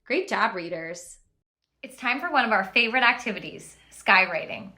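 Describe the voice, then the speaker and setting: A woman teaching a phonics lesson to young children, modelling letter sounds in a clear, encouraging way. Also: mid-range voice, lively intonation, moderate pace, pushed and bright. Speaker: reading teacher.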